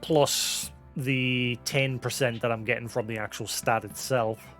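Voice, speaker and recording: A man's voice: medium pitch, fairly even intonation, unhurried, a bit bright, soft background music. A man streaming a video game, chatting casually and explaining as he plays, with many fillers. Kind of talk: casual gameplay commentary.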